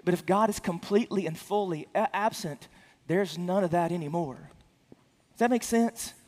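High-voiced earnest male preacher, reverberant hall. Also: moderate pace, darkish tone. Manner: earnest, with frequent restarts and stammered repeats; rises in pitch and volume for emphasis. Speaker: pastor. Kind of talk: sermon.

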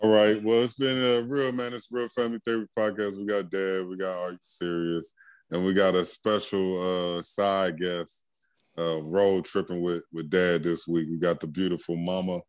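A man's voice: deep voice, level tone, normal speed, smooth, dry recording. A man hosting a casual family podcast, laid-back and steering the talk along with easy fillers. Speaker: podcast host.

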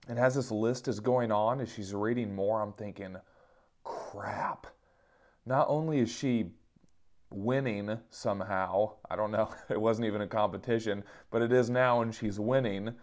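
A man in his thirties telling funny personal stories in a casual monologue, self-mocking and chuckling often. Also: mid-range voice.

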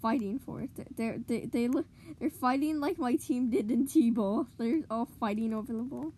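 A woman giving excitable live commentary on her own gameplay, cheering goals and groaning at misplays. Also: on the high side, normal speed. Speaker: gamer streamer.

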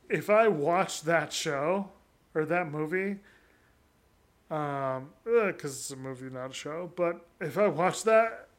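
Man with a high voice for a casual podcast co-host: laid-back, slow, laughs a lot, swears freely. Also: a bit bright. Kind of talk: casual chat.

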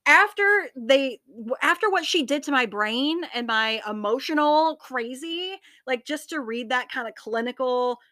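A woman co-hosting a casual book podcast, excitable and profane, acting out scenes as she talks. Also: high voice, a little slow, few pauses, dry recording, clean studio sound. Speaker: podcast co-host.

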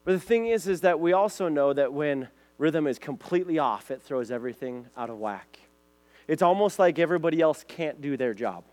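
A man with a high voice preaches to a group of listeners in a relaxed, talkative way. He keeps checking in with quick questions, repeats himself as he goes, and sounds like a friendly youth pastor. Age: adult, has a son. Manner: lively, chatty, repeats words and asks "right?", "okay?". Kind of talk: casual sermon to a group.

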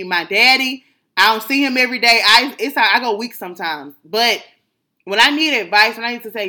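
A woman speaks in a personal, reflective monologue. Her voice is bright, and she leans into emphatic, prayer-like repetition of thanks. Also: fairly low pitch. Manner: emphatic, repeating gratitude phrases like a prayer.

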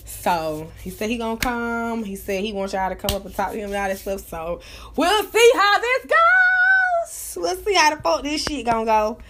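A woman hosting her own live talk show, chatting casually in an animated, profane, gossipy way. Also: medium pitch, a little fast, hardly any pauses, background noise. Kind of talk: casual chat.

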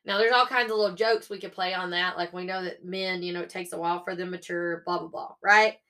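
A woman's voice: lowish voice, fairly even intonation, fast talker, bright, forceful tone. A young woman hosting a faith-based motivational podcast, upbeat and coaxing, often checking in with her listeners. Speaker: podcast host.

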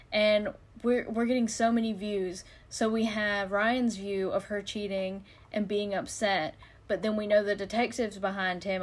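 A woman chatting casually about a movie she just watched. Her delivery is loose and talkative, full of fillers and easy laughter. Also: medium pitch. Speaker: co-host reviewing a movie. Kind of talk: casual chat.

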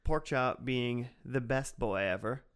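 Smooth-voiced man in casual chat. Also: medium pitch, a little slow. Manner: relaxed, joking, retells scenes with quoted asides. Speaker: podcast co-host recapping a cartoon.

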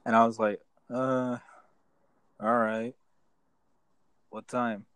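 A man's voice: mid-range voice, little pitch movement, slow pace, fairly bright tone, clean tone, no room sound, poor audio. A young man telling a rambling, profane story to his friends in casual chat. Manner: rambling, profane, restarts often.

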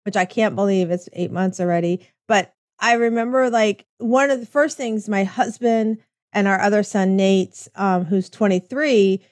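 A middle-aged woman talking in a loose, rambling way, slipping into quick acted-out bits of past conversations. Her voice sits in a medium range and is recorded close and dry, with no room around it. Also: mid-range voice, a little mellow, dry recording. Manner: chatty, rambling, acts out quoted exchanges. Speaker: host. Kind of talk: casual chat.

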